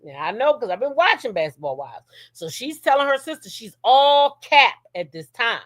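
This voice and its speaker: A woman's voice: medium pitch, sing-song, moderate pace, a bit bright, no room sound. A woman hosting a casual gossip commentary show. She talks straight at her viewers, blunt and profane, and keeps checking in with "okay?". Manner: reads a long text message aloud.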